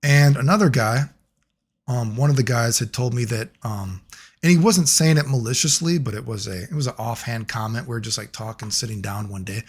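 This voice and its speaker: A man telling a long personal story in a casual monologue, rambling and profane, getting animated when he quotes other people. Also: mid-range voice, brisk, husky. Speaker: video creator.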